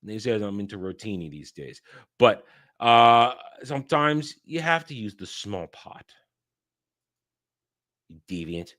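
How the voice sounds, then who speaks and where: Here the New York streamer's voice is on the low side, expressive and fairly bright, moving a little slowly with long pauses. He still rants profanely with mock outrage while reacting to clips on his casual stream.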